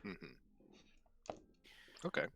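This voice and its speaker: A man's voice: drawn-out words, pushed and bright, a little hiss or hum. A man playing a tabletop game, inquisitive and a little hesitant, asking the game master questions. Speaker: player. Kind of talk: casual tabletop role-play.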